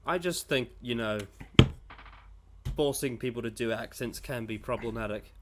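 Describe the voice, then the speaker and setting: A man's voice: mid-range voice, moderate pace, heavy background noise. A man co-hosting a review show, trading dry, wry remarks in casual chat. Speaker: reaction video co-host.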